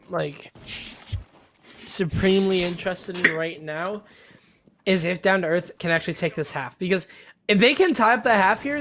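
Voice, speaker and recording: A woman casting an esports match, giggly in banter and energetic on the play-by-play. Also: mid-range voice, a little hiss or hum. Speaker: esports caster.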